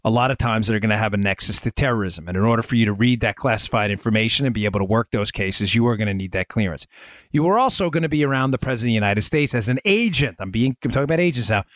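A man's voice: on the low side, lively intonation, racing, a bit bright, dry recording, clean studio sound. A man in his forties hosting a political commentary podcast, talking emphatically to his listeners with sarcastic asides and stories. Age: 40s. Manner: storytelling, addresses listeners as folks. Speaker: podcast host.

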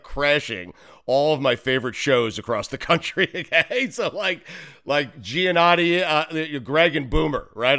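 A man hosting a sports talk show, excitable and joking, laughing often and swearing in casual banter. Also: on the high side. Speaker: host.

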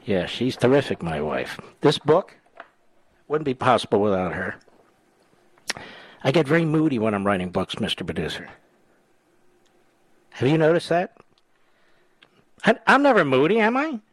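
Talk radio host, man in his 60s, lively teasing delivery, dry studio sound. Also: medium pitch, moderate pace, pauses often, breathy edge, no room sound. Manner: animated, teasing, chatty. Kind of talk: talk radio chat and monologue. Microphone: studio mic.

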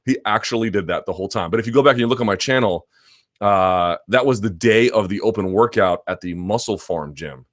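A man's voice: on the low side, fairly quick, a bit bright, no echo, clean studio sound. A man hosting a live chat stream, answering viewer questions in a loose, rambling conversational way with restarts and asides.

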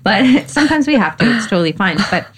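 A woman's voice: on the high side, quick pace, a loud crowd. A woman guest on a podcast, talking casually and animatedly, often laughing and acting out little scenes. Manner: animated, laughing, acts out voices and groans. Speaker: guest author and spiritual teacher.

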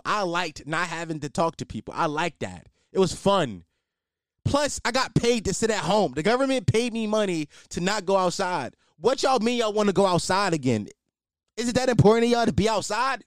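Dude podcaster ranting for laughs, swearing, voice jumping up and down, dry close sound. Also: male voice, sits high, dry recording. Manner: animated, profane, repeats himself. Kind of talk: comedic rant.

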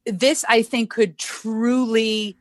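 A woman's voice: on the high side, steady tone, slow, no room sound, clean studio sound. A woman guest on a podcast, talking in casual chat with frequent restarts. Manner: hesitant, restarting speech.

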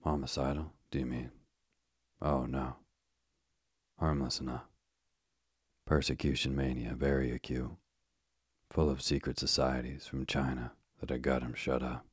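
Man reading a burly asylum keeper, cheerful, callous, colloquial, extremely deep, husky. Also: level tone, unhurried, long pauses, no echo, clean studio sound, heavily acted. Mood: offhand cheerful. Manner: colloquial, offhand.

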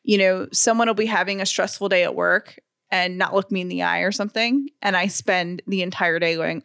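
A woman co-hosting a podcast in casual chat, candid and self-deprecating, talking in quick bursts. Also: mid-range voice, steady tone, gravelly, a bit bright, clear, resonant tone, dry recording, clean studio sound. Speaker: podcast co-host.

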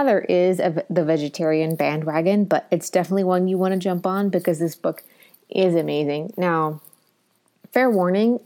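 A woman's voice: fairly low pitch, darkish tone. A woman co-hosting a casual book podcast, talking enthusiastically with many fillers. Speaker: podcast co-host. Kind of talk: casual book review chat.

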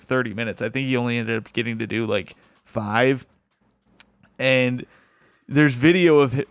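A man's voice: mid-range voice, a bit bright, clean tone, dry recording, studio quality. A man hosting a comedy show, telling a funny story in a casual way, laughing as he goes and acting out quotes. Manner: laughs through his own story, acts out quotes.

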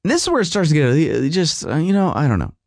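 A man's voice: fairly high pitch, huge pitch swings, fast talker, gravelly, darkish tone, no echo, clean studio sound. A man hosting a podcast, telling a comic story in a whiny, rambling, exasperated way. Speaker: podcast host. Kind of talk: comedic storytelling monologue.

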